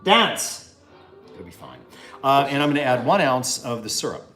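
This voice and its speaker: Brief: man, mid-pitched, rambling joker hosting at home, music behind. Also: big pitch swings, moderate pace, pushed and bright. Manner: joking, rambling explanations with many fillers. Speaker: home cocktail show host. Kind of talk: casual cooking chat. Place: home kitchen.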